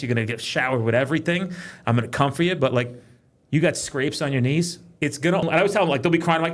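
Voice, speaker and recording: A man talking in a casual podcast chat, profane and quick, telling animated stories about his kids and work. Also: a little high. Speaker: podcast guest, police trainer.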